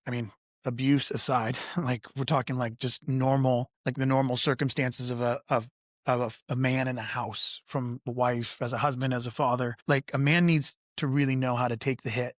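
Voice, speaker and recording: A man on a podcast panel, telling candid stories in a lively way, often saying "like" and acting out the voices of people he quotes. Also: mid-range voice, normal speed, dry recording, studio quality. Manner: animated, acts out quoted voices, frequent "like". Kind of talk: candid conversational storytelling.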